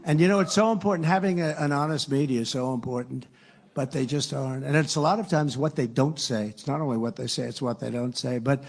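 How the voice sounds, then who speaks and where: A man's voice: medium pitch, quick pace, gravelly. A man from the United States, a political candidate, giving a rambling, sarcastic campaign rally speech full of repetition. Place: live rally.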